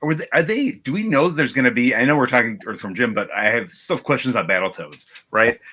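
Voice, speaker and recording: Bright-voiced man asking questions. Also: mid-range voice, expressive, quick pace, husky. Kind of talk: casual chat.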